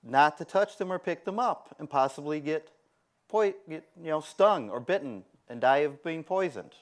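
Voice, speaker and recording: Man giving a conference talk, somewhat high voice, lively delivery that acts out the people he quotes. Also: moderate pace. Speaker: conference speaker. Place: conference room.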